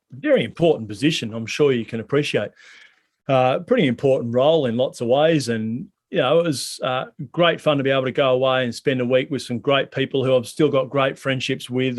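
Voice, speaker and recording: A man preaching a sermon in a conversational way, asking the congregation many questions. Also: mid-range voice. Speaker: pastor.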